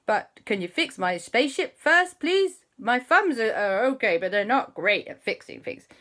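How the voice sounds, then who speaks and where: A woman voicing a friendly female triceratops alien from another planet, speaking slowly. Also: on the high side, very animated, a bit bright, pitched above the performer's own voice.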